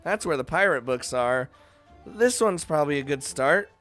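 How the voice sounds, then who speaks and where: A man's voice: fairly high pitch, lively intonation, moderate pace, a bit bright, faint music behind, voice pushed up. A man voicing a practical young woman companion who speaks in a matter-of-fact, lightly teasing way.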